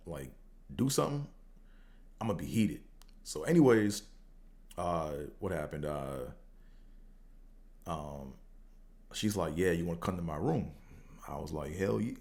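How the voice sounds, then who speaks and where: A man hosting a podcast, telling a casual story in a slangy, profane way and acting out both sides of the conversations with big jumps in pitch. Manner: animated, acts out quotes with big pitch jumps. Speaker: podcast host.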